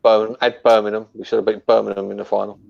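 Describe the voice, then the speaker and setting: A man's voice: on the low side, level tone, rapid-fire, vocal fry. A man co-hosting a casual football podcast, blunt and opinionated, with sweary banter. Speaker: podcast co-host. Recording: dull muffled lo-fi audio.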